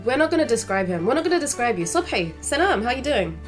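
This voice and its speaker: A woman's voice: on the high side, big pitch swings, fast, soft background music. A woman hosting a podcast, upbeat and teasing in casual chat. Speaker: podcast host.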